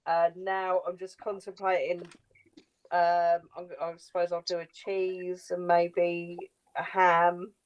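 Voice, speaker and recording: A woman's voice: lowish voice, completely flat delivery, slow, smooth, lo-fi sound. A woman chatting casually on a live stream from her kitchen, blunt and teasing, swearing freely. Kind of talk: casual chat. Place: home kitchen.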